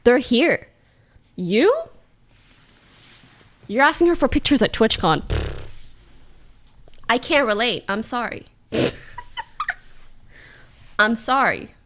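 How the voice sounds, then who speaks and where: A young woman streaming live and chatting to her viewers in a high, bouncy voice that swoops all over. She is giggly and playful and drops slang freely, often breaking into laughter. Her talk is loose and casual. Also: very animated, slow, pauses often, a bit bright. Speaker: livestreamer.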